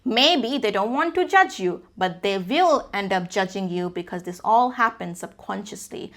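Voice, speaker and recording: A woman's voice: mid-range voice, animated, normal speed, fairly bright tone. A woman coaching viewers on spoken communication, lecturing emphatically and acting out examples in her own delivery. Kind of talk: direct-to-camera speaking lesson.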